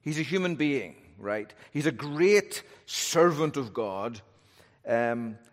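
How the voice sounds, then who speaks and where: A man's voice: medium pitch, lively intonation, slow pace. A male pastor preaching an expository sermon in a thoughtful, conversational way, often posing rhetorical questions. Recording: long reverb of a large hall.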